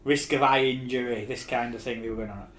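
A man's voice: mid-range voice, steady tone, brisk, a bit bright, soft background music. A man, co-hosting a casual chat and giving wry, opinionated takes. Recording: echoey room.

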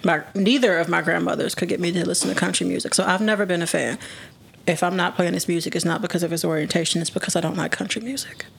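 A woman's voice: lowish voice, fairly even intonation, fast, vocal fry, a little hiss or hum. A woman co-hosting a casual podcast chat, blunt and opinionated. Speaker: podcast co-host.

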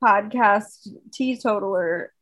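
A woman co-hosts a podcast in relaxed, friendly chat. She is chatty and upbeat, leaning on filler words. The sound is dry and close to the mic. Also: mid-range voice, slow, no echo. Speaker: podcast co-host. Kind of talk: casual chat.

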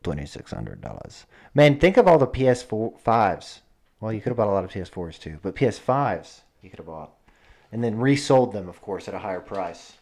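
A man's voice: fairly low pitch, very animated, a little fast, a little mellow. Rambling, profane podcast guy. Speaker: podcast co-host. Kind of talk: casual podcast chat.

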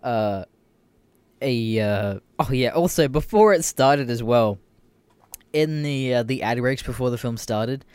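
A man's voice: medium pitch, measured pace, clean tone, dry recording. A young Australian man hosting a podcast, ranting casually, swearing a lot and laughing often. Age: young adult. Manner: profane, animated, laughs often. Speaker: podcast host. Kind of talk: casual rant.

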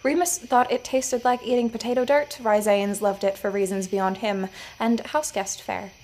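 A woman narrating her own scripted audio fiction story in a measured storytelling manner. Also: medium pitch, fairly even intonation, a little mellow, poor audio. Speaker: writer and narrator.

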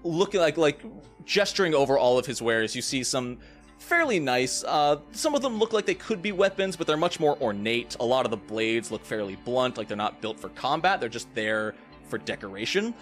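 A man's voice: mid-range voice, sing-song, normal speed, fairly bright tone, faint music behind. A man running a tabletop game as game master, narrating scenes vividly and with suspense. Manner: vivid, suspenseful description with playful asides.

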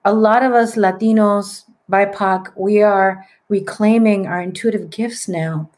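A woman in her late forties, a psychic medium, telling her story in a casual, animated way and mixing in Spanish words. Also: mid-range voice, a little slow. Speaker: podcast guest, psychic medium.

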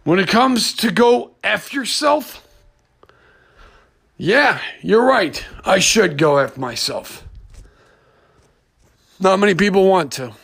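Guy w a high voice doing an upset rambly solo podcast rant, lots of restarts. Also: animated, slow, gravelly, pauses often, fairly bright tone, slightly rough. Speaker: podcast host. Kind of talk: unscripted personal monologue.

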